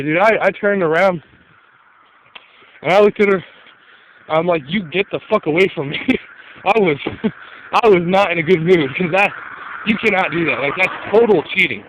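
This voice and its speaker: Young man, higher voice, profane exasperated storyteller, dull lo-fi home recording. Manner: profane, exasperated, laughing asides. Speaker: YouTuber telling a story. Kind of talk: casual ranting story.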